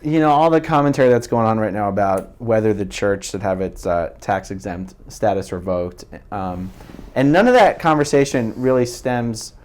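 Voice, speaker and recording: A man's voice: fairly low pitch, lively intonation, normal speed, darkish tone. A man hosting an interview, probing questions and recapping his guest's points. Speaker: interview host. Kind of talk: conversational interview.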